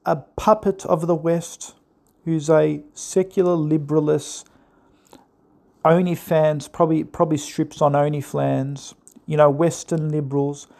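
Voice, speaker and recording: A man's voice: high-pitched, creaky, mellow. A man delivering a sarcastic, mocking political commentary monologue, often mimicking the people he criticizes. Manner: sarcastic and mocking, mimics opponents in put-on voices.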